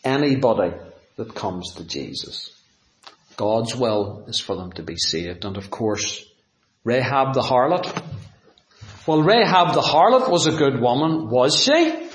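A man preaching a sermon, dramatic and full of rhetorical questions, swinging from loud to hushed. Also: medium pitch, very animated, unhurried, a little hiss or hum. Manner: asks the audience rhetorical questions. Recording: echoey room.

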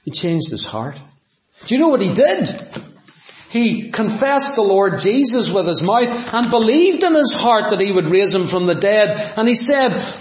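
A man preaching a sermon, dramatic and full of rhetorical questions, swinging from loud to hushed. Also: high voice, big pitch swings, unhurried. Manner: asks the audience rhetorical questions. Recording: echoey room.

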